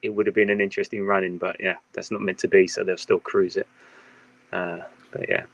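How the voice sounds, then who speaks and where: A man hosting a casual football chat podcast, sarcastic and quick to laugh. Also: sits low, flat delivery, gravelly, dry recording. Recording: dull lo-fi dry sound.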